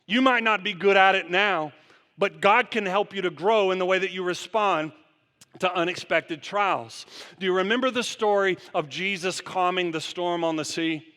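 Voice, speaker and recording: A man's voice: high voice, normal speed, sharp tone. A man preaching a sermon as pastor, putting rhetorical questions to the congregation in long runs. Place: church sanctuary. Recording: long church reverb.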